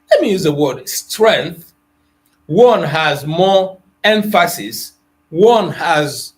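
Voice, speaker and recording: A man teaching an Igbo grammar lesson to an online class, addressing students by name and moving between English, Igbo and Pidgin. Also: high voice. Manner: slow and deliberate, with pauses and repetitions.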